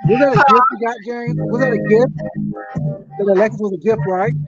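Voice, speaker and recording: Teasing man, high voice, dry lo-fi sound. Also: fairly quick, over music. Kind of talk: casual chat.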